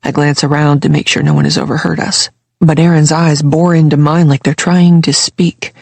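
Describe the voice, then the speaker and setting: An audiobook narrator reading a first-person novel in a measured, wry storytelling manner, with a husky voice. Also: medium pitch, steady tone, dry recording.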